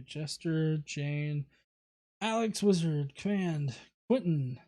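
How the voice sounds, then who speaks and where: A man's voice: a little high, slow, mellow. A man hosting a livestream, casually reading viewer comments aloud with many fillers and restarts. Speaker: host.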